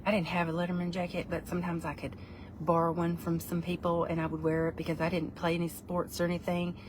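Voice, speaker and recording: A woman's voice: on the low side, monotone, fast, background noise. A middle-aged woman, chatting in a playful, rambling vlog while reviewing food. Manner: playful, rambling, breaks into put-on voices.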